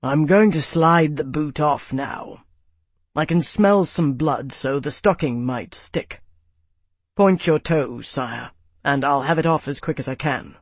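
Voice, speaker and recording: A big woodsman with a low, rumbling voice speaks plainly and practically, as a man puts him on. The sound is dry and close. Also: slow pace, husky, no room sound, exaggerated voice.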